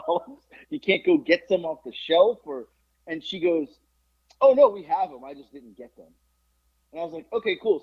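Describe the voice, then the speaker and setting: Husky animated man telling a story. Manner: animated, swears, quotes people in lowered voices. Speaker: podcast co-host. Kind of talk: casual storytelling chat. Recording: muffled lo-fi podcast audio.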